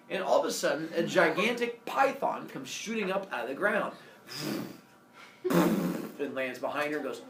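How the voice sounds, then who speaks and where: A man with a fairly high voice, speaking at normal speed, tells a Greek myth as a comic classroom lesson, giving each character a silly voice in an animated way. He's recorded from a distance in an echoey room with faint ambience and a slight hiss or hum.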